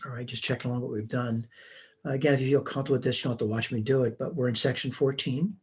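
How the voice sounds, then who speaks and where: Husky man talking through math steps. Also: mid-range voice, fairly even intonation, rapid-fire, a little mellow. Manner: plain, methodical, talks through each step aloud. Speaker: math instructor. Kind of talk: recorded online math lesson. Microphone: computer mic while writing on a tablet.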